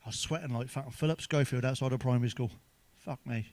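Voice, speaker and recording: Male comic, mid pitch, crude sweary monologue, chuckles at punchlines, dry recording. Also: fast, darkish tone, no echo. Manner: sweary, chuckles at his own jokes. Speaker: stand-up comedian. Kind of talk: crude joke-telling monologue.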